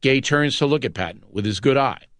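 A man narrating a nonfiction audiobook in a measured, dramatic scripted read. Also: mid-range voice, animated, fairly bright tone.

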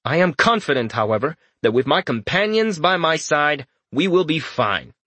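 A man's voice: on the high side, very animated, moderate pace, pushed and bright, breathy edge, no echo, pitched above the performer's own voice, full character voice. A man voicing a scheming young male lord who talks with oily, mock-sympathetic condescension. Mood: mock-soothing.

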